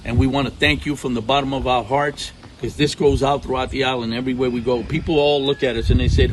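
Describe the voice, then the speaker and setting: A middle-aged man from Puerto Rico, a ministry partner telling faith testimonies in an animated way, acting out what people said. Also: mid-range voice, fast, hardly any pauses, slight background noise, low-quality recording. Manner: animated storyteller, acts out quotes. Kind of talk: testimony talk. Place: outdoors at home.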